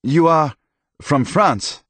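A man voicing a stern, suspicious village priest who speaks slowly in halting phrases. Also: a little high, lively intonation, a bit bright, no room sound, voice pushed up, full character voice. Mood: stern, questioning.

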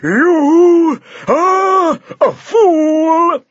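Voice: sits high, sing-song, drawn-out words, no echo, muffled recording, voice pushed up, full character voice. A storybook reader voicing a beefy, bullying knight champion who roars, laughs and splutters with rage. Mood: enraged. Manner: roaring, laughing, shouting, spluttering.

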